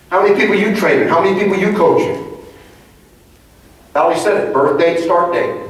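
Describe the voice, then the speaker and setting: Man giving an animated talk in an echoey hall. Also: fairly high pitch. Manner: animated storyteller, punchy rhetorical questions. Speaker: leadership trainer. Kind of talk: motivational speech to a live audience. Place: large conference hall. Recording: echoey hall, mic far off.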